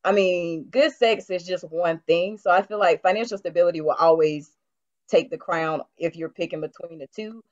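Woman, guest co-host, casual chat, slightly low pitch, dull lo-fi recording. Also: normal speed. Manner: chimes in briefly, laughs along, then states her view.

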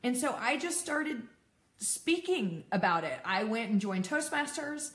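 A woman's voice: on the high side, big pitch swings, unhurried, a bit bright. A woman in her thirties giving a candid personal talk to an audience, laughing often and making self-deprecating asides. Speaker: peer support speaker. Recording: echoey room.

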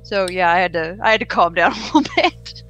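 A woman's voice: on the low side, animated, brisk, a bit bright, lo-fi sound, faint music behind. A woman co-hosting a podcast, chatting casually with a dry, teasing manner. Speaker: podcast co-host. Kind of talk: casual gaming chat.

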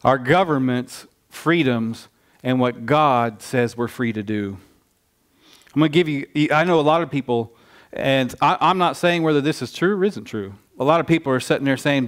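A male pastor delivers a sermon like an animated, conversational story, frequently starting his phrases over. His voice sits at a medium pitch.

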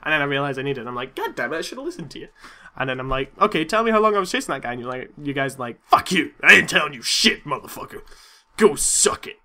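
A young man giving excitable let's-play commentary, swearing and yelling at the game. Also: mid-range voice, rapid-fire. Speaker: gaming YouTuber.

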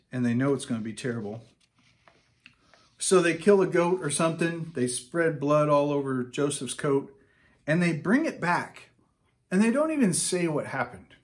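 A man preaching a casual, conversational sermon, reading scripture aloud and breaking into animated asides. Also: fairly high pitch.

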